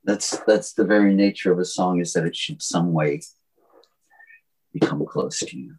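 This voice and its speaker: A man with a soft Southern US accent, a songwriter talking about his songs in a reflective, halting way with many restarts. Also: low voice, husky, low-quality recording. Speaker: songwriter guest. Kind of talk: reflective interview talk.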